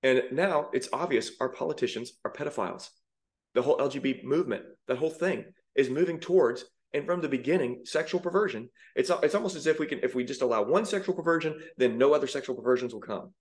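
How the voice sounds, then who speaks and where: A man's voice: mid-range voice, fast. A man preaching with fiery indignation, rising to emphatic peaks as he reacts to song lyrics. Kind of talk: sermon-style commentary.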